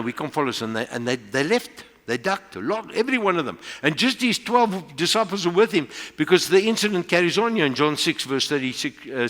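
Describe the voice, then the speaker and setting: A South African man preaching in a large church hall, his voice ringing with long reverb. He has a slightly high voice that swings widely in pitch as he presses his points, mixing English with Afrikaans. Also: a bit bright. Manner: preaching with rising emphasis, mixing in Afrikaans phrases. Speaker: pastor. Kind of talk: sermon.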